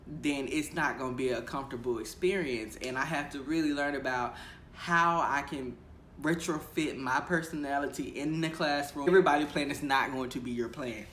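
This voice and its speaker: A young man, a teacher, telling stories from his first year in a casual, animated vlog, acting out the voices he quotes and laughing often. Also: medium pitch. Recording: echoey room with faint ambient noise.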